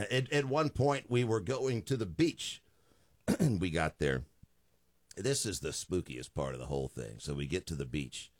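A man's voice: low voice, expressive, a little slow, no echo. A man in his fifties, a radio talk show host, telling a joking story in a studio.

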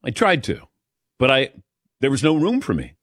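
Man, talk show host, storytelling, animated pitch, laughs a lot, dry studio. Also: moderate pace, no room sound. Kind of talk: casual radio show chat.

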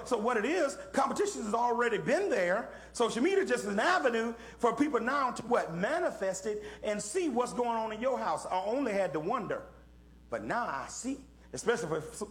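A middle-aged man leading an interactive Bible lesson for young people, asking questions and calling on listeners in a folksy preaching manner. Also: sits high. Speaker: Bible study teacher.

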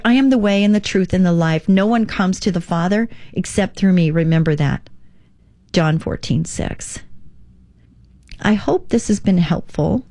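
A middle-aged woman hosts a devotional radio show in a low, warm, mellow voice. She talks earnestly and encouragingly, slowing down when she reads scripture. The sound is close and dry, as on a studio microphone. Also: no room sound. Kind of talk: devotional talk show monologue.

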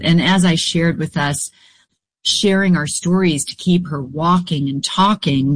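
A woman being interviewed, telling her story in a reflective, unhurried way. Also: low-pitched, no echo. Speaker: guest.

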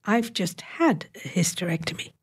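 A woman reading the part of a sharp-tongued beautician in her fifties, with dry, pointed delivery and sudden emphatic lifts. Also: on the low side, lively intonation, moderate pace, breathy edge. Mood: sweetly cutting.

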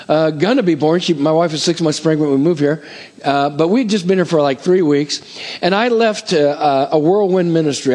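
A middle-aged man preaches to his congregation, his voice high for a man. He rattles off numbers fast like an auctioneer, then settles into steady teaching. The sound rings with the long reverb of a church hall. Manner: energetic, rapid counting like an auctioneer. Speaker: pastor. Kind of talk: sermon.

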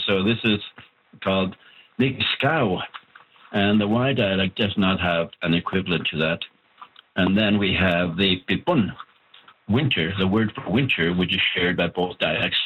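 A man with a fairly low, husky voice answers interview questions at length, measured and explanatory. He comes through a thin, tinny phone line. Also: fairly even intonation. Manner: patient, explanatory, spells out terms slowly. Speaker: author of a Cree language book, interview guest.

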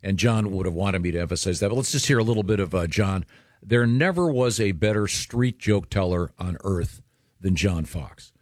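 A man's voice: deep voice, lively intonation, moderate pace, dry recording, clean studio sound. A man hosting a casual chat, telling stories in a folksy, rambling way with many fillers. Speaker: host.

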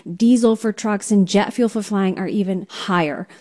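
A woman international correspondent answering a news host's questions in a measured, explanatory way. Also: medium pitch, fairly even intonation, warm tone.

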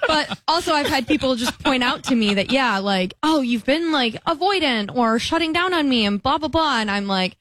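A woman's voice: high voice, normal speed, few pauses, no room sound. Chatty young woman, dry close sound. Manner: chatty, animated storytelling with quoted voices. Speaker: podcast co-host. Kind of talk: casual chat.

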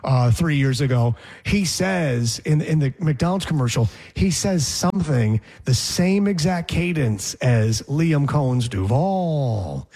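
A man's voice: fairly high pitch, lively intonation, measured pace, hardly any pauses, darkish tone, breathy edge. A man hosting a casual sports talk show, joking around and drawling words for effect. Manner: playful, mimics voices and drawls words for effect. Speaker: sports radio host.

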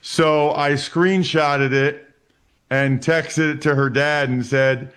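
A man in his forties from Pennsylvania, a guest telling stories in a casual chat. He talks in an animated way and often repeats words as he starts sentences. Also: a little high, slow pace, clean tone. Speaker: interview guest. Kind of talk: casual storytelling.

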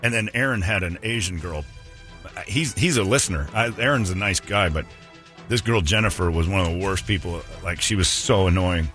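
Man, radio host, very low voice, casual rambling storyteller, faint music underneath. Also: normal speed, fairly bright tone. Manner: rambling anecdotal storyteller with restarts.

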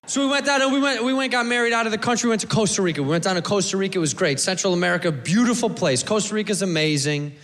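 A man hosting a comedy show, telling an animated, profane story on stage and acting out the dialogue. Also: sits high, very fast, hardly any pauses, in a large hall.

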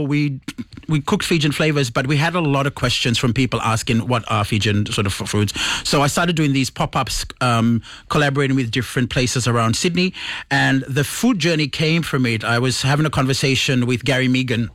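A man's voice: medium pitch, a bit bright, no echo. A man from Fiji, a chef guest, chatting casually in a studio interview and enthusiastically describing dishes in detail.

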